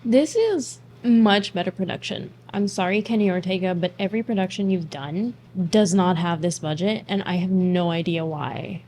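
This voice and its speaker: A woman's voice: lowish voice, normal speed, hardly any pauses, darkish tone. A woman hosting a casual movie reaction, blunt and snarky, swearing freely.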